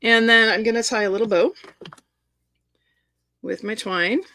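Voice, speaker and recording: A woman's voice: fairly high pitch, steady tone, a little slow, pushed and bright, dry recording. A middle-aged woman chatting enthusiastically while showing a crafting project step by step. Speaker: papercraft demonstrator. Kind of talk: live crafting demonstration.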